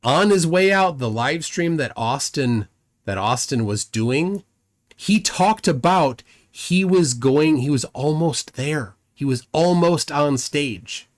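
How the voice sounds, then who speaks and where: A man's voice: a little high, lively intonation, slow. A man hosting a livestream, rambling through commentary and reading chat comments aloud, often repeating words as he goes. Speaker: livestream host.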